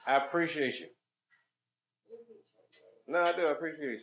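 A man's voice: a little high, moderate pace, a bit bright. A man doing stand-up, chatting and joking casually with the audience in a comedy club after a show. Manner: teasing, joking, playful banter. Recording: noisy club recording.

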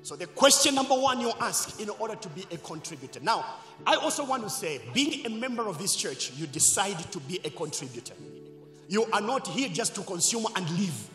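A man preaching a sermon as pastor, leading call-and-response and swinging between loud shouts and quiet asides. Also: high-pitched, big pitch swings, a little fast, faint music behind. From Zambia. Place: church hall. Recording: echoey church hall.

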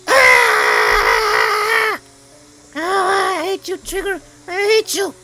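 Heckling viewer, male, mock-outraged and cussing, bright tone, pitch leaps around as a man puts him on. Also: animated, unhurried. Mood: ranting. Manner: scolding, swearing, mock outrage. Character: irate adult male viewer heckling a painter.

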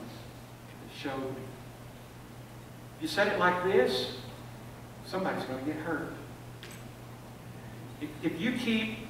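An older pastor with a fairly bright, somewhat high voice preaches a sermon in a church sanctuary, telling stories and repeating words as he builds toward a point. He's recorded from a distance in the echoey church, with slight background noise.

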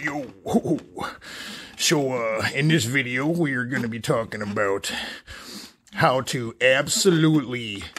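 A man's voice: mid-range voice, bright, forceful tone, slightly rough, exaggerated voice. A man voicing a foul-mouthed, cocky male ventriloquist dummy in a comedy puppet sketch, brash and boastful.

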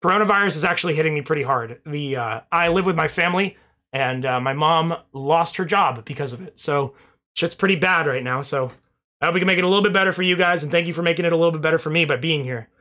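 A man's voice: on the high side, quick pace, sharp tone. A young man streaming, rambling casually through thank-yous to his chat and swearing now and then, a little out of breath.

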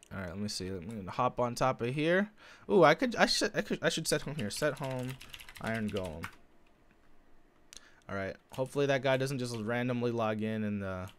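A young man giving live gameplay commentary, excitable, his voice leaping up when something happens. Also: clean tone. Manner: excitable, voice jumps high when he spots loot. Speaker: gaming YouTuber.

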